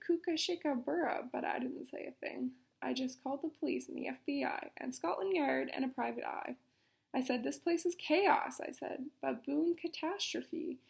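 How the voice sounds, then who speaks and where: A woman reading a picture book aloud for children's story time in an expressive, dramatic manner. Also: high-pitched, vocal fry.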